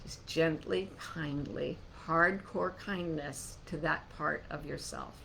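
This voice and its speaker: A woman hosting a live online gathering, answering listener questions in an animated, reassuring way. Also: low-pitched, creaky, slight background noise. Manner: warm, animated, soothing when slowing down.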